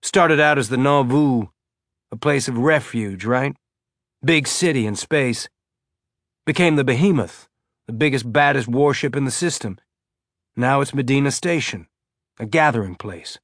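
A man's voice: mid-range voice, a little slow, pauses often, a bit bright, dry recording, studio quality. A man voicing a talkative male ship's pilot who explains things at length. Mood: musing.

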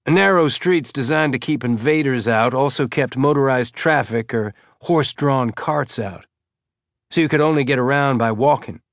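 A man's voice: mid-range voice, normal speed, no room sound, clean studio sound, close to an everyday voice. A man voicing a talkative male ship's pilot who explains things at length. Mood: musing.

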